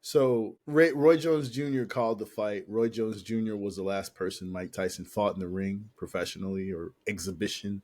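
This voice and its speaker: A man with a fairly low voice talks through a casual podcast chat. He rambles in slangy asides and circles back over the same points as he talks. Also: steady tone, moderate pace, hardly any pauses, darkish tone. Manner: rambling, slangy, repeats himself. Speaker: podcast co-host.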